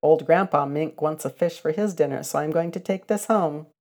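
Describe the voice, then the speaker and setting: A woman's voice: deep voice, normal speed, a little mellow. A woman voicing a boastful young male mink in a storybook, teasing in a sing-song way. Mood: matter-of-fact.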